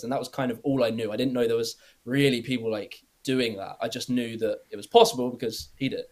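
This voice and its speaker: A young British man chatting casually as a podcast guest, rambling, filling every pause with "like" and swearing easily. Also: mid-range voice, fairly even intonation, a little mellow. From Britain. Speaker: guest YouTuber.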